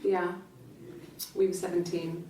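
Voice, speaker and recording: An actress playing a soft-spoken British wife, echoey room. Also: female voice, fairly low pitch, little pitch movement, lightly acted. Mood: calm. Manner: soft-spoken, measured, reflective. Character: composed young wife recalling her wedding. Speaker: interviewee in a police interview. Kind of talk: naturalistic screen acting. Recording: roomy interview room from a distance, faint hiss.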